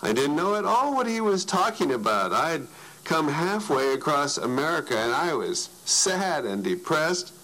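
A man narrating a story in an animated way, his voice swinging widely for emphasis. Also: on the high side, moderate pace, poor audio.

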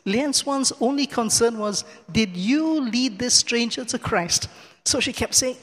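High-voiced man telling a church testimony. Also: unhurried, long reverb tail. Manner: lively storyteller who acts out the dialogue and chuckles often. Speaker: church speaker giving testimony. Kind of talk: personal testimony told from the pulpit. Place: large cathedral.

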